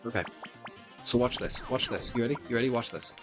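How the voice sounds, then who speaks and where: A man's voice: medium pitch, a little fast, over music. A man giving playful gameplay commentary, talking directly to his viewers. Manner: playful, talks to viewers, animated. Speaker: let's play host.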